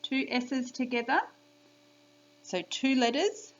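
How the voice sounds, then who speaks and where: Woman, encouraging early-years teacher voice, slow and clear, lo-fi home video audio. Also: on the high side, expressive. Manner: bright, encouraging, slow and clear, sing-song teacher talk. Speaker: primary school teacher. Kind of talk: recorded spelling lesson for young children.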